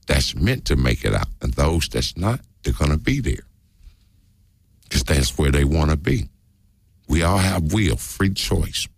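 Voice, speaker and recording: Deep, gravelly man preaching earnestly. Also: sing-song, measured pace, no room sound, clean studio sound. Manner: earnest, preachy, repeats key phrases. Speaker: discussion participant. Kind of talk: casual group discussion.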